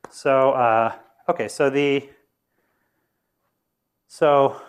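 A man's voice: medium pitch, fairly even intonation, drawn-out words, clear, resonant tone. A man lecturing on physics to students in a lecture room, informal and explanatory, thinking aloud as he goes. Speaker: university lecturer.

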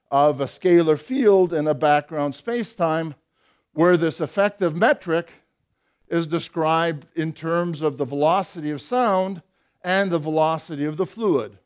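Older male physics lecturer, slightly higher voice, dry wit, measured delivery with hesitations. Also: clear, resonant tone. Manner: explanatory, dry wry humour, hesitant fillers. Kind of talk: academic lecture.

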